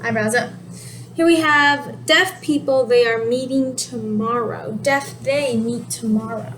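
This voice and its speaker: Woman teacher, high voice, casual explainer, steady noise behind her. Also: a little slow, rough recording. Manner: explanatory, relaxed, self-correcting. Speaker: sign language teacher. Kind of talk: casual video lesson.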